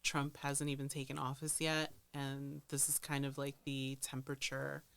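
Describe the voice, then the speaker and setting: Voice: mid-range voice, monotone, moderate pace, gravelly, fairly bright tone, clear, resonant tone, no room sound. A podcast co-host speaking earnestly in casual chat, with hesitant restarts.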